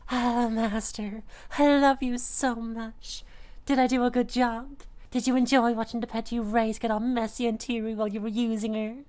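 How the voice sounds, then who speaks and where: A young woman doing a breathy, devoted catgirl pet in an intimate audio role-play. She pleads in a slow, drawn-out way with a voice pitched a little high. The lines come with sighs and soft gasps. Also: close to an everyday voice. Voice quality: breathy, sighing.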